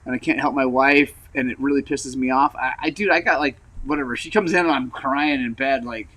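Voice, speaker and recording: A man hosting a motorcycle channel rambles casually in a vlog, frank and frustrated, full of fillers and throat clearing as he recovers from an injury while wearing a brace. His voice is medium-pitched, steady, brisk and a bit bright, on a rough recording.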